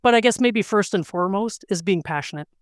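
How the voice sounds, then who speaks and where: Woman, middle-aged, lively storyteller, voices the quotes, dry close sound. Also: mid-range voice, fairly quick, no echo. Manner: animated, acts out quotes. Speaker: interview guest, weightlifter and lawyer. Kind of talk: casual storytelling.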